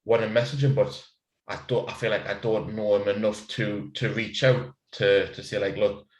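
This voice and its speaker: A man rambles through casual podcast banter over a few beers, laughing and swearing as he goes. His voice sits a little low. The room around him rings with echo. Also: fairly even intonation, normal speed. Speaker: podcast co-host. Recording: echoey room.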